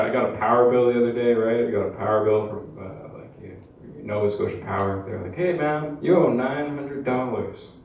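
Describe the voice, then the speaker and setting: A young man performing amateur stand-up in a comedy club, deadpan and hesitant, full of uhs and likes. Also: fairly low pitch. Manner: hesitant, deadpan, filler-heavy. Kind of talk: stand-up routine. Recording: echoey live club, mic at distance, room noise.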